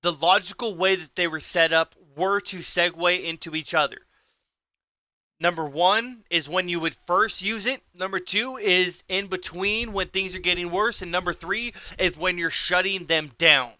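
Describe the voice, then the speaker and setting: A man's voice: high-pitched, moderate pace, bright, forceful tone, dry recording. A man hosting a livestream, talking in an intense, heated way that builds into a rant. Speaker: livestream host. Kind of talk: livestream talk.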